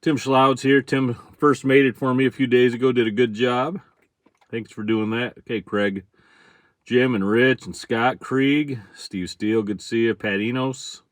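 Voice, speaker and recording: A man's voice: mid-range voice, unhurried, dry recording, clean studio sound. A middle-aged man from central Michigan with a Michigan accent, chatting casually on a livestream about his fishing charters. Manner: relaxed, chatty, greets viewers by name, chuckles often.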